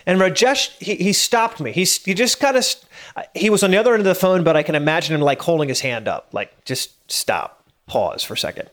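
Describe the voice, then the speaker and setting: A man in his thirties speaks with a voice that sits a little high for a man. He sounds earnest and driven, giving a casual motivational talk. He often stutters and repeats words as his thoughts race ahead. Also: animated, quick pace, fairly bright tone. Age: 30s. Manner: earnest, stammers and repeats words when worked up; laughs at himself now and then.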